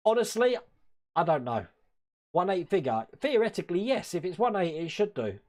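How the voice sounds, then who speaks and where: A man's voice: sits high, big pitch swings, normal speed, a little mellow. A man from Wales hosting a casual live stream from his hobby room, rambling, chuckling often and answering chat.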